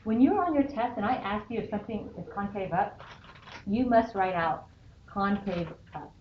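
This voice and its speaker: A woman's voice: medium pitch, animated, moderate pace. A woman math teacher lecturing a class and checking in often with "okay?". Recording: dull lo-fi sound in an echoey classroom with faint noise.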